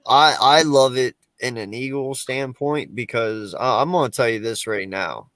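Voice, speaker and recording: A man's voice: mid-range voice, a little slow, fairly bright tone, no room sound. A man in casual, profane sports talk, emphatic and full of restarts.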